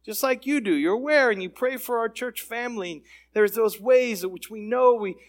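A man preaching from the pulpit in a fairly high voice. He builds his points through emphatic repetition, in a steady sermon cadence. He sounds middle-aged. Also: normal speed. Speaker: pastor.

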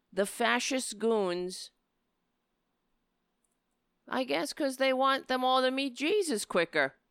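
Woman, political rant, sarcastic, scornful, animated pitch, slow delivery, dry close mic. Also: clean tone, dry recording. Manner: sarcastic, scornful, swings to shrill mocking voices. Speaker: political commentator.

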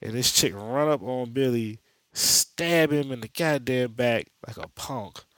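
A man's voice: medium pitch, unhurried, a bit bright, dry recording. A man hosting a podcast, giving a rambling, profane, slang-filled recap of a comic book. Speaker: podcast host. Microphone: podcast mic.

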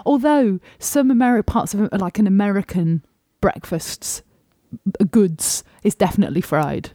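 An English woman co-hosting a food podcast, chatting casually and rising high in pitch when she gets indignant. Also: animated, normal speed, warm tone, dry recording, clean studio sound. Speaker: podcast co-host. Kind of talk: casual chat.

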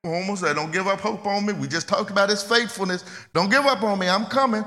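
Bright-voiced preacher man in a reverberant hall. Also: sits high, fast talker, hardly any pauses. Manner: conversational preaching, repeats phrases, swings loud and soft. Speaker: pastor. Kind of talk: sermon.

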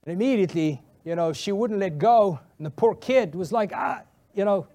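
A male pastor telling a funny story in a sermon, animated and laughing often. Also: high voice, a little fast.

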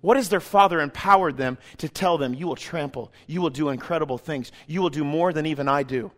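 High-voiced man preaching a sermon. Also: brisk. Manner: swings from loud and emphatic to hushed and intimate; acts out quoted voices in a casual, joking way. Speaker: pastor.

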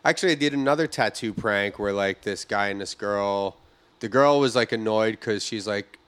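A man's voice: lowish voice, moderate pace, fairly bright tone, clean tone. Rambling male podcast host telling stories. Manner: rambling storyteller who acts out quoted voices. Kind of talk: casual chat.

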